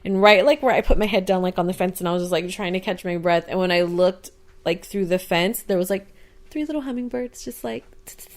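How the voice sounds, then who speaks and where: A woman's voice: on the low side, steady tone, quick pace. A woman co-hosting a podcast, telling stories in casual chat, full of "like" and acted-out quotes. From Arizona. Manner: chatty storyteller, fillers "like" throughout, acts out quotes loudly. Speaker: podcast co-host.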